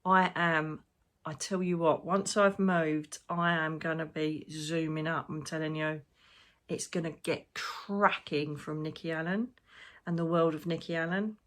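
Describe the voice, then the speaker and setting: A woman's voice: low voice, steady tone, unhurried. A woman, a psychic medium, talking through her predictions in a rambling, emotional, casual way and swearing now and then. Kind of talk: casual spiritual monologue.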